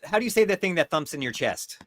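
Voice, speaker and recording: A man's voice: fairly high pitch, big pitch swings, fast talker, a bit bright, dry recording. A man hosting a podcast interview in a chatty, playful way, joking with his guest. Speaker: podcast host. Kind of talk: casual interview chat.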